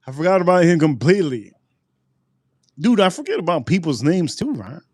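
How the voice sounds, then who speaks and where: A man's voice: fairly high pitch, very animated, normal speed, darkish tone, no echo, studio quality. A man hosting a casual live stream, rambling and repeating his phrases as he talks straight to his chat. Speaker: livestream host reviewing drinks.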